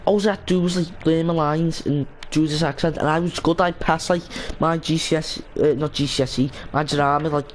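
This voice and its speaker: A young man chats idly while streaming a game, drifting between half-finished thoughts and restarting his sentences. His voice sits a little high for a man. A faint hiss runs under the desk-mic sound. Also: fairly even intonation, fairly quick, few pauses, poor audio. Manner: rambling, many restarts and fillers. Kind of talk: casual gaming stream chat.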